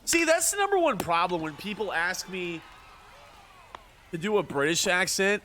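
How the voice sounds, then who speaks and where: Male game streamer, high bright voice, joking, excitable, casual live commentary. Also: normal speed, a little hiss or hum. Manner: joking, excitable, ribbing his chat. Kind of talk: casual livestream gaming commentary.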